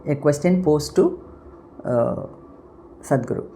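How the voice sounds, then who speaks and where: Low-voiced woman giving a spiritual talk. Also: warm tone, a little hiss or hum. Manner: unhurried, explanatory, pausing often to search for words. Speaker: spiritual channel host.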